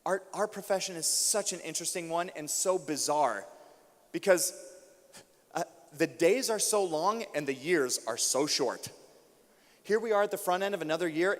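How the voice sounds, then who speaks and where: A young adult American man with a slightly high voice delivers an emotional, storytelling keynote to a room of teachers. He builds intensity through repeated refrains. His voice rings with the long reverb of a large auditorium. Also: normal speed. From United States.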